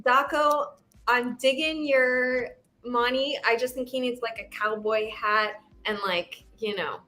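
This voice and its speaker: Giggly high-voiced woman. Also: steady tone, a little slow, bright, forceful tone. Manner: giggly, playful. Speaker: voice actor signing prints. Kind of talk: casual livestream chat.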